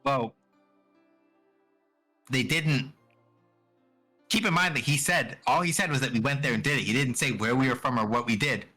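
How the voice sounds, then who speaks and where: Bright-voiced man co-streamer. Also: medium pitch, moderate pace, pauses often, faint music behind. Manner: laid-back, explains game rules, swears casually. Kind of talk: casual livestream banter.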